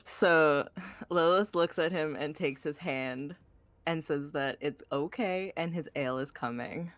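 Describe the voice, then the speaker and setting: A woman playing a tabletop game, speaking gently. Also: deep voice, measured pace, dry recording. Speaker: player.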